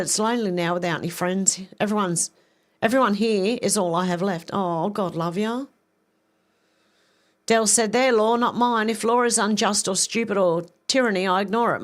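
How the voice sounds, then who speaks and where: Chatty woman reading chat. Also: medium pitch. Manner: chatty, reacts to comments with quick asides and laughs. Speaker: live stream host. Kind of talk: casual live chat, reading viewer comments aloud.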